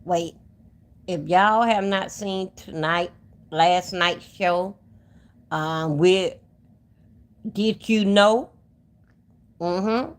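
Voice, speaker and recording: Woman livestream host, slow unhurried talk, rambling, chatting to viewers on her phone. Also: on the low side. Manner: rambling, talks to chat directly. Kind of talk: casual livestream chat.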